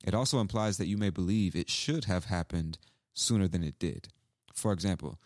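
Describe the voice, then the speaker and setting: Deep-voiced man teaching English phrases. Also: normal speed, darkish tone, dry recording, clean studio sound. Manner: casual, repeats examples, acts out sample lines. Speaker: English teacher, podcast host. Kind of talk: explaining phrases from a clip.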